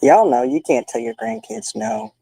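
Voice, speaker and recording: Older woman, mellow low-key tone, dry close sound, folksy chatty livestream host. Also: expressive, moderate pace, gravelly, breathy edge, no room sound, rough recording. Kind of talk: casual chat with viewers.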